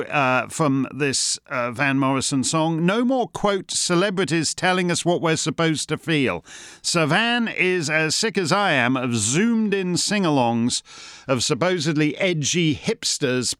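A man's voice: on the high side, lively intonation, unhurried, a bit bright, smooth, no echo, studio quality. A man hosting a satirical monologue, sardonic and mocking in manner. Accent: Canadian. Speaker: host.

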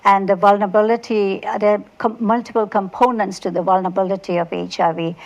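A woman from Uganda, a health researcher, answering interview questions thoughtfully and pausing to find her words. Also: mid-range voice, steady tone, a little mellow, low-quality recording.

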